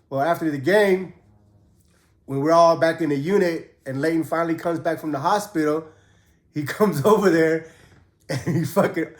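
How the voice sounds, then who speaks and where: Man, slightly high voice, casual and profane storyteller, echoey room. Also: moderate pace, pauses often. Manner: laid-back, profane, acts out quotes in a raised voice. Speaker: host telling prison stories. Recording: roomy echo.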